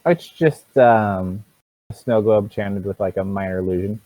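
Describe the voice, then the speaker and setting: A man's voice: on the low side, normal speed, dark tone. A man narrating as game master in a tabletop game, loose and full of fillers. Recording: tinny phone-like mic, dry.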